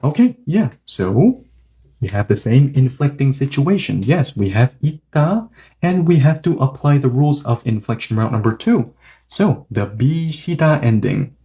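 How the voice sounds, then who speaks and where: A man's voice: medium pitch, lively intonation, normal speed, warm tone. A man teaching a language grammar lesson, patiently repeating and restating each point and reading example sentences aloud at several speeds.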